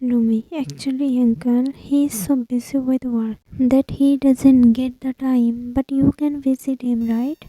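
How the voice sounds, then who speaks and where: An anxious young college woman begs her family friend for help, as a storyteller reads her part. She speaks in an earnest, pleading way, slowly, with a dark, mellow tone. The sound is close and dry. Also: high voice, fairly even intonation, no echo, poor audio.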